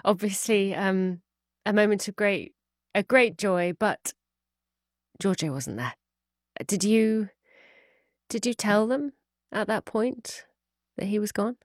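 A woman's voice: medium pitch, takes it slowly, long pauses, dry recording, studio quality. A woman interviewing a guest, hesitant and repeating words as she asks. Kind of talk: documentary interview.

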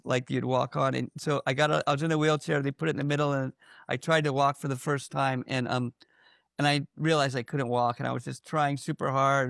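A man giving a candid personal account in an interview, halting, with many fillers and restarts. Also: mid-range voice, creaky, fairly bright tone, no room sound, clean studio sound.

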